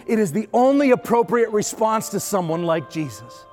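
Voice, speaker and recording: High-voiced man preaching a sermon. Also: very animated, normal speed, hardly any pauses, darkish tone, soft background music. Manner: preaching with rising intensity and repetition. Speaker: pastor.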